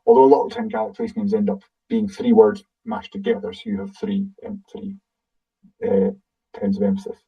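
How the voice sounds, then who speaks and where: Scottish man, gravelly, distant dull audio. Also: medium pitch, big pitch swings, a little fast. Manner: thinks aloud, answers audience questions. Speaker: guide presenting a webinar. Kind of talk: casual explanatory webinar Q&A.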